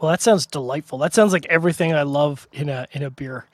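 A man co-hosting a casual tasting chat over a video call, playful and quick to laugh. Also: fairly high pitch, a little mellow, no echo. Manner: chatty, playful, laughs easily. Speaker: co-host of a drinks tasting show.

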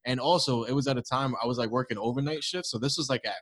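A young man, co-hosting a casual podcast chat, swearing freely and telling animated stories. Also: mid-range voice, fast, no echo. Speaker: podcast co-host.

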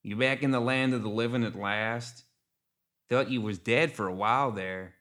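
A man's voice: medium pitch, normal speed, a bit bright, natural voice. A man voicing an older gremlin woman bandit leader with a drawling rustic way of talking. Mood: mocking.

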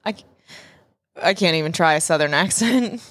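A woman's voice: fairly low pitch, lively intonation, normal speed, dry recording, clean studio sound. A woman in her twenties co-hosting a casual chat show, blunt and crude, laughing often. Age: 20s. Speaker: podcast co-host.

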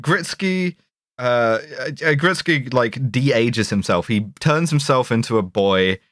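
A man's voice: mid-range voice, lively intonation, slow, a bit bright, dry recording, studio quality. A man co-hosting a podcast, recapping a film in casual, rambling chat with frequent restarts and swearing. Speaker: podcast co-host.

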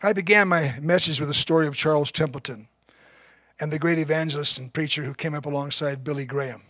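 A man's voice: fairly high pitch, a bit bright, no echo, studio quality. A man preaching a sermon as pastor, telling a story in an earnest, emphatic way.

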